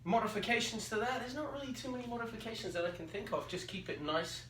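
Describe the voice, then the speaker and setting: A man's voice: high-pitched, animated, fast, a bit bright. A man teaching phys ed, demonstrating exercises and counting reps aloud while out of breath. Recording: roomy echo, distant mic, faint background noise.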